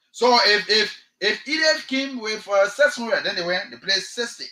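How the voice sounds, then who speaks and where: A man's voice: high voice, lively intonation, moderate pace, few pauses, pushed and bright, echoey room, rough recording. A man with a Liberian English accent hosting a radio talk show, delivering impassioned political commentary and firing off repeated rhetorical questions. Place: radio studio.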